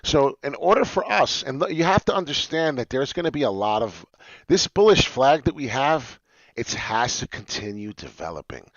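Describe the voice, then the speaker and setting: Lively-voiced man talking crypto charts. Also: mid-range voice, moderate pace, no room sound. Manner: excitable, talks straight to followers. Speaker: crypto chart analyst streamer. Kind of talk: casual live-stream chart talk. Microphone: webcam mic, seen on stream. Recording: dull lo-fi dry stream audio.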